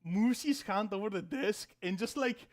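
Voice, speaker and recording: Brief: casual male game master, slightly high voice, rambling with fillers. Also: moderate pace. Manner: casual, many fillers, swearing. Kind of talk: narrating a tabletop game.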